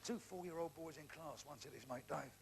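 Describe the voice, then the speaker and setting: Gravelly Cockney man doing stand-up. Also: on the high side, fairly quick, heavy background noise. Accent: London Cockney. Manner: gravelly, brash storyteller trading banter and swearing freely. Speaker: stand-up comedian. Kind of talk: live stand-up joke telling. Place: theatre stage before a live audience.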